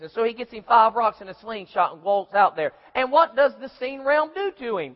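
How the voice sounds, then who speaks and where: A man preaching a sermon, telling Bible stories with animated voices for the characters. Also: very high voice, normal speed, few pauses. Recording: muffled recording in a reverberant hall.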